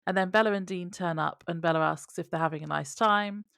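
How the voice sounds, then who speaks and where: A woman's voice: on the low side, brisk, gravelly, a bit bright, smooth, dry recording, clean studio sound. A woman, co-hosting a podcast and chatting casually while recapping a TV episode, laughing often. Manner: chatty, laughs often, reads out her own notes. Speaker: podcast co-host.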